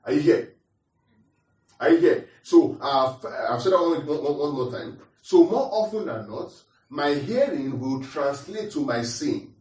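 A man's voice: a little high, very animated, a little slow, darkish tone. A man preaching a teaching sermon, repeating his points and asking the congregation questions. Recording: roomy echo, distant mic.

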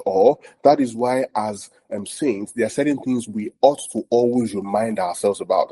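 A man teaching a sermon to his congregation in a low, mellow, slightly husky voice. He repeats his points and often checks that listeners follow, with frequent fillers. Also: low-quality recording. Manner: many "um" fillers. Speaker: pastor.

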